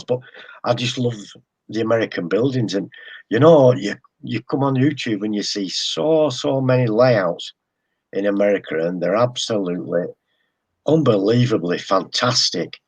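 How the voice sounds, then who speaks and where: English man, low husky voice, halting guest chat with repeated words. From England. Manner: hesitant, repeats words, chuckles often. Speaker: guest model railroader. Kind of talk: casual live-stream chat.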